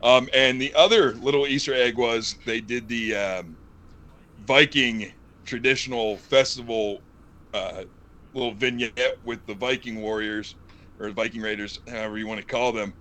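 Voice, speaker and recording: Animated jokey man on a wrestling podcast. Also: medium pitch, moderate pace. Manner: animated, jokey, rambling asides. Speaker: podcast co-host. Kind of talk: casual wrestling chat.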